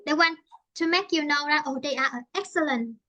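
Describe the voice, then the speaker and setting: High, bright Vietnamese woman teaching English. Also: dull audio. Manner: halting, repeats and rephrases often. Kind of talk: online English lesson.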